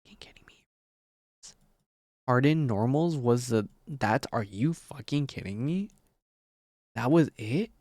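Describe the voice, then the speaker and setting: A man chatting live on stream at a desk mic, excitable and rambling, swearing often. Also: medium pitch, a little slow, no echo, studio quality. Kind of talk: casual live-stream chat. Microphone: desk mic on a mic arm.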